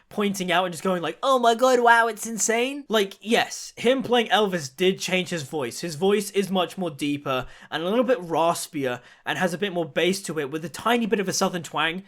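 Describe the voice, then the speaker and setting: A man's voice: high voice, fairly bright tone. A man giving a chatty, enthusiastic film review in a casual video.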